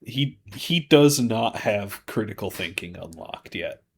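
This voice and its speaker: A man's voice: animated, unhurried, a little hiss or hum. A man co-hosting a podcast in casual chat, joking and acting out characters' lines in exaggerated voices. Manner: jokey, acts out characters' lines with big pitch jumps. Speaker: podcast co-host.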